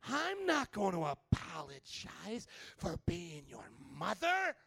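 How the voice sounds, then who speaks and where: A man's voice: very high voice, big pitch swings, normal speed, fairly bright tone, no echo, voice pushed up, exaggerated voice. A male preacher voicing a stubborn mother who puts her family before God, in an indignant, self-justifying manner.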